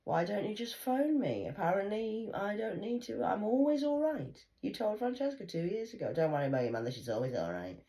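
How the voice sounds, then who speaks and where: A woman vlogger talks straight to her viewers in a loose, rambling monologue, cursing freely. Her pitch swings widely up and down as she goes, and she smokes while she speaks. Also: very animated, fairly quick, hardly any pauses, warm tone. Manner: swears freely, blunt and rambling.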